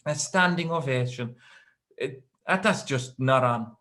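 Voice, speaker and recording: An Irish comedian in his thirties tells a loose, rambling stand-up story, tossing in dry, offhand asides. His middle-pitched voice is bright and forceful, and his pace is a little slow.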